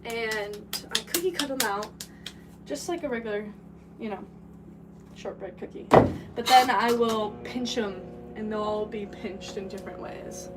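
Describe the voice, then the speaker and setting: A woman's voice: fairly high pitch, over loud music. A young woman rambling casually and laughing as she chats with a live-stream audience from a pottery studio. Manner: rambling, chatty, quick to laugh. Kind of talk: casual live-stream chat while working. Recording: distant mic with background noise.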